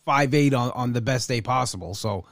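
A man's voice: medium pitch, normal speed, dry recording, clean studio sound. A man hosting a casual chat, stumbling and repeating words as he talks.

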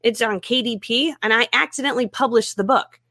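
A woman guest telling her own story in a lively way, often acting out what people said to her. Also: a little high, brisk, no room sound. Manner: lively, acts out her own and others' remarks. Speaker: guest, author and network marketer. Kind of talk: animated storytelling in conversation.

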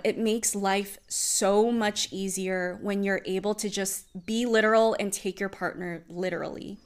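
A woman's voice: mid-range voice, clear, resonant tone. A young woman coach talking earnestly and expressively in a personal vlog, explaining at length. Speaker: self-empowerment coach.

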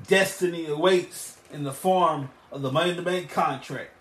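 A man hosting a wrestling podcast on his own, recapping matches and plugging shows in an excitable, rambling way. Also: on the high side, normal speed, reverberant. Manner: excitable, rambling, with restarts and emphatic bursts. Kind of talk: solo podcast recap and show plugs.

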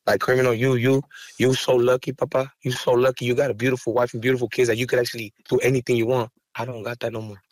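Talking fast with flat delivery, a medium-pitched man vents in an emotional podcast interview. He's a rapper guest in the studio, raw, angry and profane, building to heated outbursts. There's no echo.

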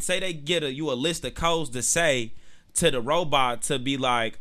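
A man's voice: a little high, moderate pace, bright, forceful tone. A man hosting his own podcast, ranting casually in a loose, profane, slang-heavy storytelling style. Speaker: podcast host. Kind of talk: casual solo podcast rant.

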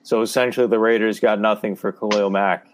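Low-voiced man arguing sports. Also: steady tone, a little fast, a little hiss or hum. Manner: matter-of-fact, pushes back in debate. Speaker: sports podcast co-host. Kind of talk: casual sports podcast chat.

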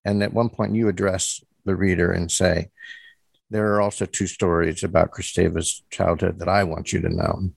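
A man's voice: low voice, flat delivery, normal speed, vocal fry, husky, no echo. A man hosting an interview, asking questions with hesitant fillers and restarts. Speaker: interviewer host. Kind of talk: interview conversation.

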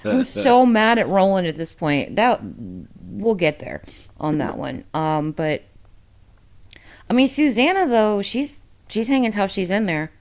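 A woman's voice: mid-range voice, very animated, unhurried, darkish tone. Candid, profane woman podcast co-host. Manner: candid, emotional and heavy on profanity; rambling, with many fillers. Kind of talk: casual book discussion.

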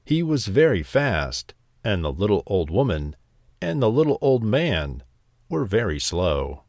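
Man, bedtime story narrator, slow, low, lively pitch. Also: no echo, studio quality.

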